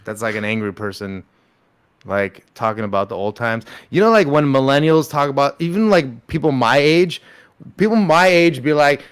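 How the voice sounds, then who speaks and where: A male comedian in casual podcast chat, excitable and quick to laugh. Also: mid-range voice, clear, resonant tone.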